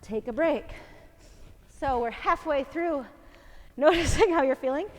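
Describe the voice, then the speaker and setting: High-voiced, winded woman coaching a workout. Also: a little slow, big-room sound. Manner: encouraging, counting reps aloud. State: out of breath, winded. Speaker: fitness instructor. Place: home workout space.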